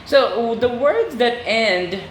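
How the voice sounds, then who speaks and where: A woman teaching a Spanish lesson, slow and deliberate, repeating words for her students. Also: a little high, animated, a little hiss or hum. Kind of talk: oral recitation lesson. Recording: echoey room with faint ambience.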